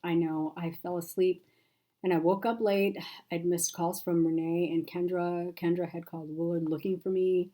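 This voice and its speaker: A woman voicing a soft-spoken, remorseful woman friend who talks quietly and sighs, her delivery subdued. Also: lowish voice, little pitch movement, normal speed, lightly acted, low-quality recording.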